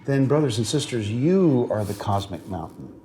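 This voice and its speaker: Speaking in a mid-range, expressive voice at a moderate pace, this man has a dark tone, and a faint hiss or hum sits under the recording. He teaches a seminary classroom earnestly, grows emotional on stirring points, repeatedly checks his students' understanding, and often uses fillers and restarts.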